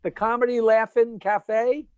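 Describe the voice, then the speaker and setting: A man, a comedian guest, telling jokes in quick, punchy casual chat. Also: extremely high pitch, flat delivery, a little mellow, clean tone, no echo, dull audio. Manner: rapid, punchy storyteller, laughs at his own punchlines.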